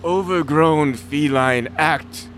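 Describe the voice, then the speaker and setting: A man's voice: fairly high pitch, slow pace, fairly bright tone, a little hiss or hum. A man playing a fancy, haughty circus lion tamer with a formal, mournful way of speaking. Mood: pompous.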